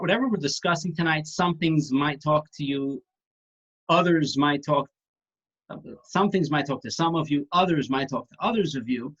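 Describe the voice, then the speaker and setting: A man's voice: fairly high pitch, fairly bright tone. A man casually teaching an online class, talking conversationally with restarts and the odd joke. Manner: conversational, tells jokes, restarts phrases. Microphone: video call. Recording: dull lo-fi video call audio.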